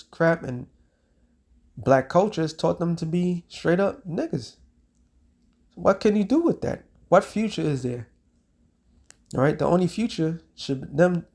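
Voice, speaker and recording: A man preaching a street sermon, reading scripture slowly and breaking into slang while checking in with "all right?". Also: on the high side, gravelly, a little mellow. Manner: reads scripture in a slowed, drawn-out cadence.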